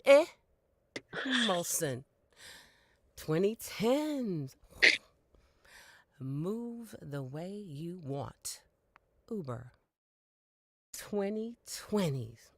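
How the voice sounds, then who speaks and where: A woman's voice: sing-song, drawn-out words, long pauses, darkish tone, a little hiss or hum. A woman voice-over contestant from Canada reading a string of commercial tags with playful, dramatic delivery. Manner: playful, dramatic delivery with big pitch swings.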